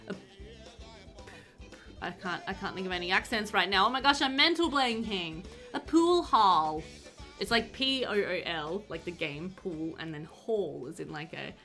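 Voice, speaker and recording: A woman's voice: mid-range voice, bright, forceful tone. Chatty woman narrating a life-sim game. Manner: chatty and rambling, bubbly. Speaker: gaming video creator. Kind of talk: casual game commentary voiceover. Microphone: voiceover recorded after gameplay.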